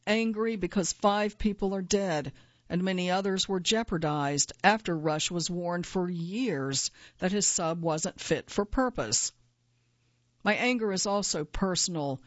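A woman reading her own first-person nonfiction essay aloud in a measured, earnest way, at times quietly angry. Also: lowish voice, no echo, muffled recording.

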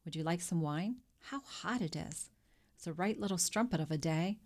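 A woman's voice: lowish voice, moderate pace, natural voice. A woman reading an audiobook and voicing an eager, ingratiating male innkeeper who fusses over a guest. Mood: flustered. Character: fawning, flustered male innkeeper, middle-aged. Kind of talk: audiobook character voice.

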